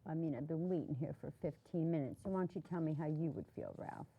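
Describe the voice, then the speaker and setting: A woman playing a brash, combative welfare mother in her thirties with a New Jersey accent and a raspy voice. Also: low-pitched, fast talker, narrow, tinny audio. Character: brash tough-talking welfare mom, 30s. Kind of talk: comedy sketch acting.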